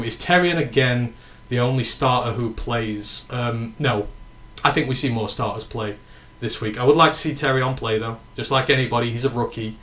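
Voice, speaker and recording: A man with a northern English accent chats casually on a sports stream, answering viewers' questions and correcting himself as he goes. His voice sits mid-pitch and sounds bright and forward. He rambles a little but keeps talking. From northern England. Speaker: podcast host. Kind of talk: casual sports chat reading live comments.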